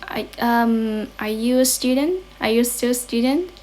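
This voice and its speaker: A woman's voice: on the high side, measured pace, a little mellow. Chatty young woman with a Chinese accent. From China. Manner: chatty, switches between English and Chinese. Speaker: livestream host and English teacher. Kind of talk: casual bilingual livestream chat. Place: grandmother's home, indoors.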